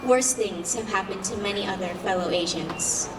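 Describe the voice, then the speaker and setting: A woman artist giving a slow, emphatic spoken-word performance at an outdoor street festival, heard from far off. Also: mid-range voice. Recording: echoey and noisy street from far off.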